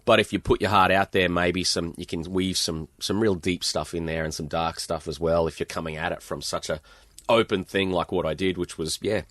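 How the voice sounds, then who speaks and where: A middle-aged Australian man with a very low voice tells rambling, animated stories as a podcast guest. The recording is dry and close, with no room sound. He talks in easygoing slang. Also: brisk, no room sound. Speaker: guest author. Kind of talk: storytelling in a podcast interview.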